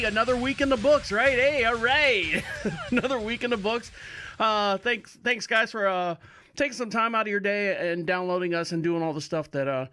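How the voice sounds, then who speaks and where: High-voiced chatty Florida man. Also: pushed and bright. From Orlando, Florida. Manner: chatty and upbeat, rambling asides with chuckles. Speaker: podcast host. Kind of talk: casual solo podcast chat.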